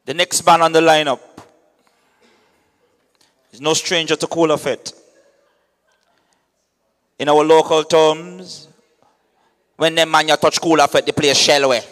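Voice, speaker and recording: A man who hosts an event, hyping the acts in a lively, chatty way and often saying "understand me". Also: on the high side, unhurried, long pauses. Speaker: event host. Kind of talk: hyping announcements at a media launch. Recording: long reverb in a hall.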